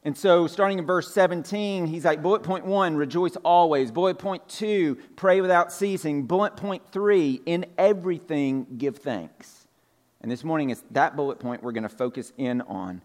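Male pastor, slightly high voice, easygoing sermon delivery, restates points, loose filler words. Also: normal speed. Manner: casual, repeats points, many "like" fillers. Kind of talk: conversational sermon. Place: church sanctuary.

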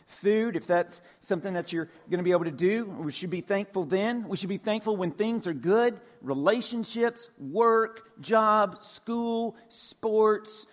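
A man's voice: high-pitched, fairly quick, few pauses, darkish tone. A male pastor preaching a sermon in a church, in a conversational way with frequent casual fillers. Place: church sanctuary.

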